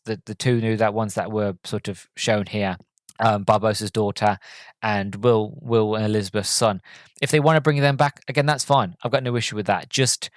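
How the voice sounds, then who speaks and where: A man's voice: fairly low pitch, no echo, clean studio sound. A man hosting a podcast, giving a casual spoken film review. He rambles with many fillers and restarts, and he sounds deflated and let down.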